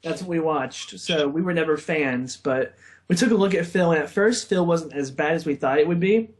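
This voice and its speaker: A man's voice: fairly high pitch, moderate pace. A young man co-hosting a podcast, rambling in casual chat and laughing often. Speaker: podcast co-host.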